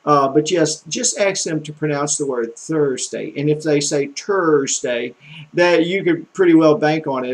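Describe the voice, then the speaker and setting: A language tutor, a middle-aged man from the American South with a matching accent, gives a folksy, wandering lesson full of fillers and restarts. His voice is on the high side and creaky, and the recording is low quality.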